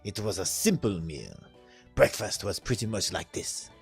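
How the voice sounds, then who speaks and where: A man reading a visual novel aloud on stream, animated and often laughing. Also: fairly low pitch, moderate pace, creaky, breathy edge, soft background music.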